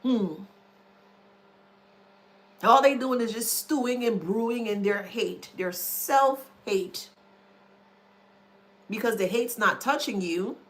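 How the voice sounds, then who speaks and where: Slow, drawn-out woman commentator. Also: on the high side. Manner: drawn-out, emphatic, spells words letter by letter; blunt and scornful, swears. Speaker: online commentator. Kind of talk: casual monologue to camera.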